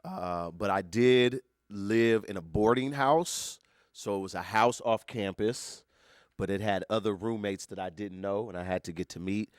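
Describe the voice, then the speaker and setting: A man with a low voice in his middle years, chatting casually on a podcast. He jokes around and drops slang with a teasing, easygoing delivery, and the sound is dry and close with no room around it. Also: unhurried, dry recording. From Northern California. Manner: playful, joking, animated slang. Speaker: podcast co-host. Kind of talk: casual chat.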